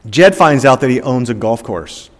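An older man preaching a sermon, rising emphatic and dropping to soft, slow phrase endings. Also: mid-range voice, animated. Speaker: pastor. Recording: long hall reverb.

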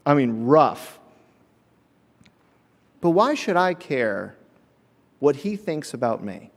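Man preaching a sermon; animated storyteller with a lively, high-leaning voice; reverberant hall. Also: takes it slowly. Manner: animated storytelling, acts out voices, laughs often.

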